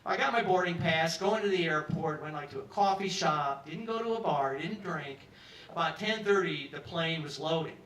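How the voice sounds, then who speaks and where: A man's voice: fairly high pitch, moderate pace, a bit bright. Rambling male storyteller in a pub. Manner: rambling, conversational, acts out quotes. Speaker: storyteller at an open mic. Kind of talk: live comic storytelling. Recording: roomy live pub sound from a distance.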